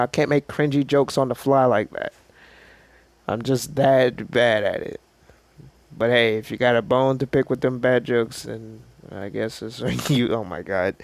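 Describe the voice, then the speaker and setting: Slow, rambling male storyteller. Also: mid-range voice, no echo. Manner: rambling, self-deprecating, laughs often. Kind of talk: casual improvised fan-story narration.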